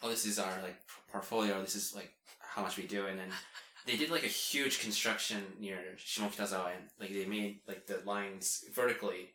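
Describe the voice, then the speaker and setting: A man chatting casually, relaxed and hesitant, with many fillers. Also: fairly low pitch, brisk, reverberant, slight background noise. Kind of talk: casual chat.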